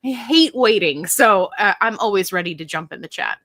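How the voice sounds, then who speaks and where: A woman's voice: mid-range voice, lively intonation, moderate pace, fairly bright tone, no echo, clean studio sound. Bubbly woman host chatting on a livestream. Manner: bubbly, chatty, greets viewers by name. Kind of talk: casual live-stream chat.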